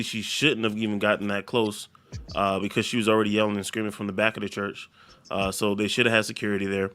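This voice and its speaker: A man co-hosting a casual talk show gives his view slowly and with caution. His voice is fairly low but very bright and forward. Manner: careful, hedging, measured. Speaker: co-host. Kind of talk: casual chat.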